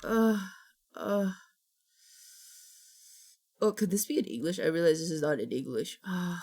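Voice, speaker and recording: A woman's voice: lowish voice, lively intonation, a little slow, pauses often, mellow. A young adult woman streamer in casual live-stream chat, dramatic, breaking into shrieks and groans and restarting her sentences.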